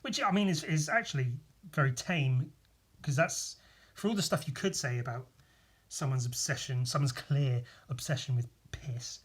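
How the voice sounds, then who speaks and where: A man's voice: mid-range voice, normal speed, breathy edge. A man talking alone on a casual podcast, with a stuffy, congested voice. He rambles, swears freely, and pokes fun at himself, restarting sentences as he goes. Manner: rambling, profane, self-mocking. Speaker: podcast host. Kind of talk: casual solo podcast monologue.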